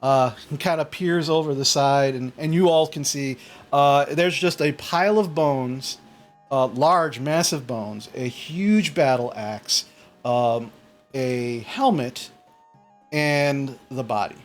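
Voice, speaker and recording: A man's voice: medium pitch, slow pace, faint music behind. Man, game master, rambling narration, casual tabletop storytelling. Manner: rambling, full of fillers and restarts.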